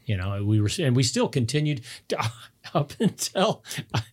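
A man's voice: medium pitch, normal speed. A middle-aged man, a podcast guest, telling casual stories with laughs and many restarts. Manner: animated, laughs mid-story, frequent restarts.

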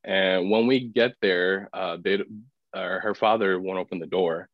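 A man with a low voice and steady tone tells a personal story as a podcast guest, speaking a little slowly, packing in "like" fillers and acting out what other people said. It's casual storytelling, and the podcast audio sounds dull and dry.

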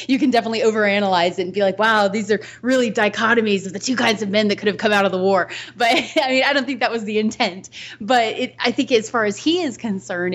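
A woman's voice: medium pitch, muffled recording. A woman co-hosting a podcast in casual film discussion, thoughtful, restarting her sentences and laughing between points. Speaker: podcast co-host.

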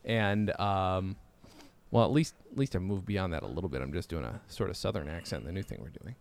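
A man's voice: low voice, lively intonation, fairly quick, vocal fry. A man hosting a podcast in casual chat, rambling and self-deprecating, with lots of fillers and restarts. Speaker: podcast host.

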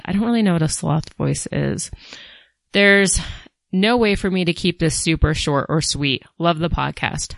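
A woman's voice: low voice, gravelly, no echo. A woman hosting a podcast, reading a listener review aloud and making jokey, irreverent asides. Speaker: podcast host.

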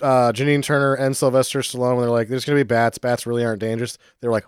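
A man's voice: mid-range voice, level tone, fast, hardly any pauses, clear, resonant tone, no room sound, clean studio sound. A man co-hosting a casual movie-recap podcast, making wry asides and swearing. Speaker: podcast co-host.

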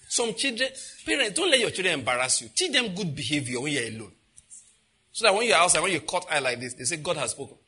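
A man preaching a sermon as pastor, animated and laughing as he acts out what others say. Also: fairly high pitch, fairly quick, pauses often, slightly rough.

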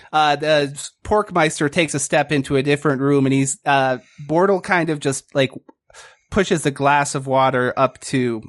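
A man's voice: on the high side, normal speed, no echo. A young man narrating as a game master in a casual, giggly way with lots of fillers.

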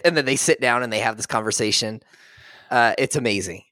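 Lively laughing podcast guest, a man. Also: mid-range voice, brisk, no room sound, studio quality. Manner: animated storyteller who laughs often and acts out quotes. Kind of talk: casual podcast chat.

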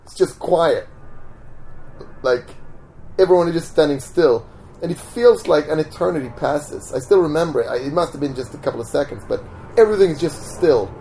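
On the higher end and brisk, this man speaks with a little background noise. He's a magician being interviewed at home, casually telling stories and acting out the voices in them with animated energy.

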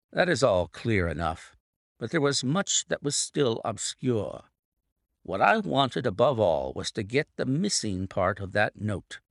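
Brilliant detective laying out his reasoning, low and expressive, read by a male narrator. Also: vocal fry, no echo, studio quality, exaggerated voice. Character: Sherlock Holmes, brilliant male detective explaining. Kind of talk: audiobook reading.

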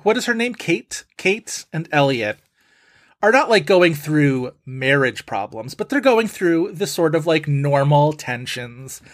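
A man's voice: a little high, sing-song, a little slow. Chatty man rambling about films. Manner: chatty, rambling with many fillers. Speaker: podcast co-host. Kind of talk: casual film discussion.

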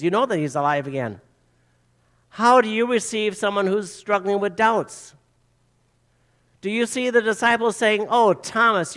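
A man's voice: sits high, fairly bright tone. A male pastor preaching a sermon, retelling stories, acting out quoted voices, and repeating phrases for emphasis. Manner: storytelling, acts out quoted voices.

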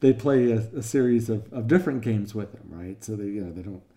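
Rambling older male teacher, mellow voice. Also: lowish voice, a little fast. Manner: rambling, filler-heavy storytelling with quoted voices. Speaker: teacher of a class on death. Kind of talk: casual classroom talk.

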